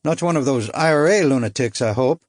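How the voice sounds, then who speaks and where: A man's voice: mid-range voice, brisk, darkish tone, no echo, studio quality, lightly acted. A man voicing a chatty, friendly Irish sailor who talks in a lilting, jovial way. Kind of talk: audiobook character voice.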